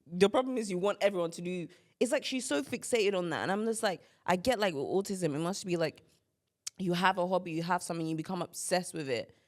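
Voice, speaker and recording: A young woman from Kent hosts a casual podcast chat. She is blunt and opinionated and slips into quick impressions of her friends between laughs. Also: lowish voice. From Kent, England. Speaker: podcast host.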